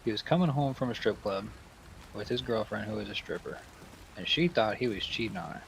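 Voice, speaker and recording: A man who manages a store, telling stories in a relaxed, laughing way during casual chat with friends. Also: fairly low pitch, a little fast, creaky, a little hiss or hum, low-quality recording. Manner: laid-back, laughing storyteller.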